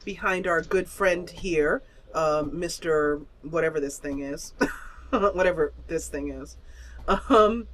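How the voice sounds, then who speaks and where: A woman's voice: low-pitched, slow pace, slight background noise. A woman narrating as game master of an online tabletop game, chatty and laughing, with many fillers.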